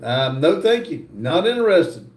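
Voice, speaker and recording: An older man hosting a livestream, reading viewer comments aloud and answering in a relaxed, casual way. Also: fairly high pitch, echoey room. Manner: slow, laid-back reading of comments aloud. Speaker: livestream host reading chat.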